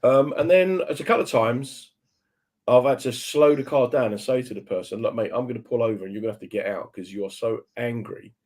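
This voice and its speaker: A radio host with a mid-range, darkish voice and brisk pace tells stories in a chatty, casual way. Whenever he quotes people, he switches into doing their voices.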